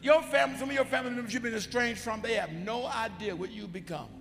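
Gravelly high-voiced preacher in an echoing church. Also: male voice, fast talker, over music. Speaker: bishop preaching. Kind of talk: sermon. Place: church sanctuary.

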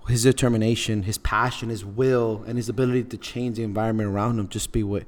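A man's voice: on the low side, steady tone, quick pace, darkish tone. A man hosting a podcast, telling a story in an earnest, heartfelt way with frequent repeats. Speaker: podcast host. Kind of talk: casual podcast talk.

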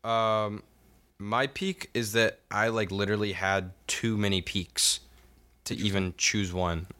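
Young male podcast co-host, bright edge to a lowish voice, loose profane storyteller. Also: steady tone, slow pace, smooth. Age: young adult. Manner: rambling, profane storytelling with lots of fillers. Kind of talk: casual chat.

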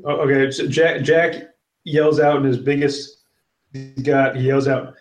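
A man's voice: medium pitch, fairly even intonation, measured pace. A man playing a tabletop game, talking tentatively and correcting himself. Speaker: player. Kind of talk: casual tabletop play. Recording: echoey room mic.

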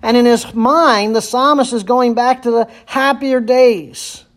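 A man's voice: very high voice, steady tone, measured pace. A man preaching a sermon as pastor, earnest and repeating phrases for emphasis.

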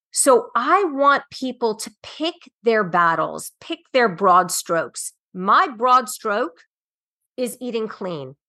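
Bright-voiced woman, slow and earnest. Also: mid-range voice. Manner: earnest, emphatic, with frequent um fillers. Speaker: nutritionist guest. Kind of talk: podcast interview.

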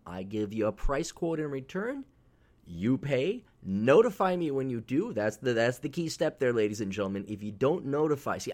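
Blunt, profane, sarcastic male podcaster. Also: medium pitch. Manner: rambling with fillers. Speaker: podcast host. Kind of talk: casual solo podcast monologue.

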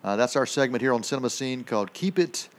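A man's voice: medium pitch, expressive, quick pace. A man co-hosting a radio film segment, reviewing movies in casual chat, rambling with many fillers and restarts.

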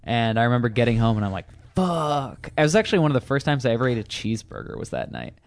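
A man's voice: mid-range voice, lively intonation, rapid-fire, clean tone. A man chatting casually about a movie, telling a rambling, profane personal story full of fillers and restarts. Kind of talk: casual chat.

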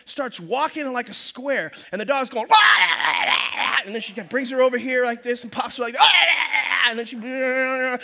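A middle-aged male pastor preaching a storytelling sermon, acting out voices in his stories and sometimes rising to shouts. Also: very high-pitched, steady tone, fairly quick, few pauses.

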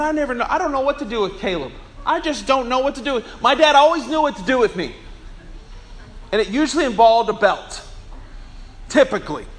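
Man, pastor, sermon, emphatic storytelling, high bright voice. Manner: storytelling, emphatic, acts out quotes.

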